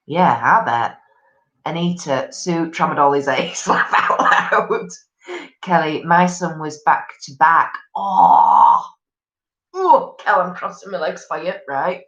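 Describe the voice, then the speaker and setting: Woman, forties, gossipy live-stream host, lowish voice, dull lo-fi sound. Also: a bit bright. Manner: chatty and gossipy, with many ums. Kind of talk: casual chat reading out viewer comments. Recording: echoey room, dull lo-fi sound.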